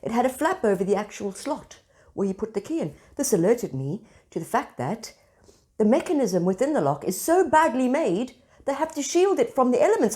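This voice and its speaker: A woman, hosting and telling everyday stories in a casual, expressive monologue. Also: fairly high pitch, moderate pace. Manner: animated, expressive storyteller. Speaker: spiritual centre host.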